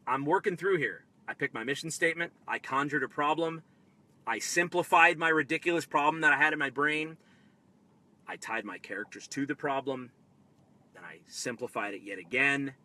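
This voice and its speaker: A man hosts a live tabletop-game advice stream, energetic and excitable, alternating between loud bursts and quiet asides. His voice sits on the high side.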